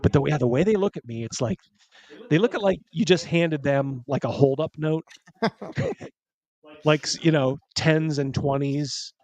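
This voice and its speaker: A man's voice: a little high, a little slow, a little mellow, no room sound. A man hosting a podcast, telling stories in casual chat and rambling through them with lots of fillers. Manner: rambling storyteller, heavy on fillers. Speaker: podcast host.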